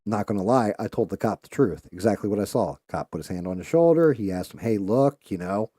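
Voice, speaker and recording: A man's voice: lowish voice, a little fast, no echo. A man hosting a live stream, telling a story in a loose, profane way with lots of filler words, and livening up when he quotes people. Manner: animated when quoting others. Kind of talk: casual storytelling while painting.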